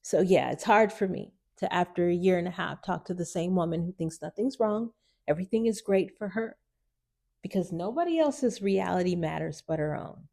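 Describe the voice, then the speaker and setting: Woman, emotional monologue, mellow dark voice, hurt and pleading, near tears. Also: lowish voice, animated, moderate pace, gravelly. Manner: hurt, pleading, repetitive apologies. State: close to tears. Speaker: vlogger addressing her mother. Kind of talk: emotional direct-to-camera monologue.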